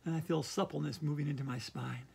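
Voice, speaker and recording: Silly, gravelly-voiced woman teaching yoga. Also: low voice, steady tone, fast talker, darkish tone, slight background noise. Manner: silly, chatty, breaks into singing. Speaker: yoga instructor. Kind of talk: playful home yoga lesson. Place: home hallway.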